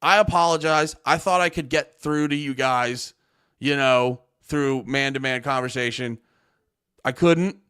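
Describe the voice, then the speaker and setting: A man's voice: medium pitch, a little slow, a bit bright, clear, resonant tone. A man streaming live, a comedian ranting at his chat in a profane, exasperated, argumentative way. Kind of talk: livestream rant at chat.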